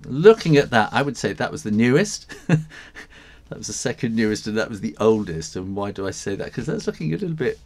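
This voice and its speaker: A man's voice: fairly low pitch, very animated, a little fast, darkish tone. An English man hosting a live drawing stream, chatting casually, reading out viewer comments and laughing often. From England.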